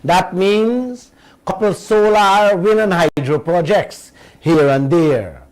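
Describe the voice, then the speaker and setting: Calling his listeners uncle and auntie, a middle-aged man on his radio show gives forceful political commentary, stretching out words for emphasis. His high voice is a little mellow, and the recording quality is low.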